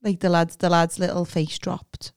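A woman, co-hosting a podcast with quick, joking banter. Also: fairly low pitch, flat delivery, smooth, no echo, clean studio sound. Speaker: podcast co-host, comedian. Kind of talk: casual chat.

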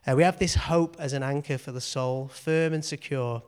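Speaking with fairly even intonation at medium pitch, this preacher keeps a moderate pace and a clean tone. His informal sermon in a church meeting room is earnest and repetitive, peppered with "okay" as he checks in.

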